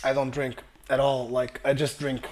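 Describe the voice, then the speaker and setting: A man's voice: mid-range voice, little pitch movement, normal speed, darkish tone, a little hiss or hum. A young man hosting a gaming channel, casually reading viewer comments aloud and answering them while his voice is wearing out from a dry throat. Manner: casual, rambling, reads comments aloud then responds.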